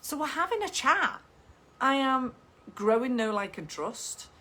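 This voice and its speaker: A woman's voice: high voice, sing-song, a little slow, pushed and bright. A woman teaching photography business, talking in a chatty, enthusiastic way and acting out example client conversations. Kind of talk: casual teaching talk with role-play examples.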